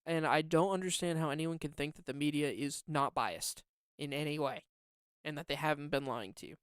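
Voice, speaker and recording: This is an indignant political commentator in mid-rant, piling up complaints and repeating words for force. The voice is smooth and resonant. The recording is dry and close, with no room sound. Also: mid-range voice, fairly quick, dry recording. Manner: heated, indignant ranting. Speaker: podcast co-host.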